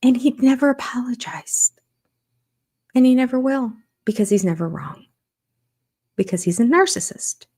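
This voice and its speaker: A woman's voice: on the high side, normal speed, long pauses, mellow, breathy edge. An older woman hosting a casual livestream, chatting and reacting aloud as she reads viewer comments and a list of supporters' names. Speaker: channel host.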